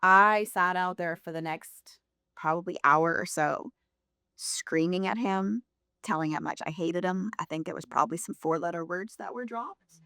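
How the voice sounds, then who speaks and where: A woman in her thirties telling her faith story on a podcast, candid and quick to laugh. Her voice sits a little low, and the sound is dry and close. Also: bright, forceful tone, clear, resonant tone, no room sound. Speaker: podcast guest. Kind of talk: personal faith testimony.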